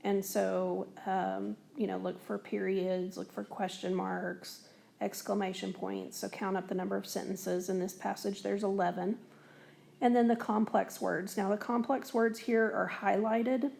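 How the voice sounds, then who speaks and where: A woman's voice: mid-range voice, level tone, a little slow, creaky, a little mellow. A woman teacher explaining a lesson on a recorded whiteboard in a patient, step-by-step way, with frequent fillers. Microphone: tablet recording.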